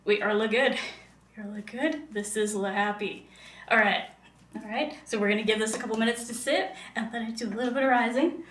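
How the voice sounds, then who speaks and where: A woman's voice: fairly high pitch, fairly quick, fairly bright tone, recorded from a distance, slight background noise. A woman casually chatting while cooking on a live stream, playful and sing-song, often meowing to herself. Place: home kitchen. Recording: echoey room, voice from afar.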